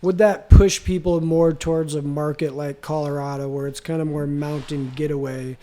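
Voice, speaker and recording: A man with a fairly high but mellow, dark-toned voice. He thinks aloud in a relaxed podcast conversation, pausing and restarting his sentences. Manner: reflective, hesitant, repeats words. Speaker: co-host. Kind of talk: casual business podcast chat.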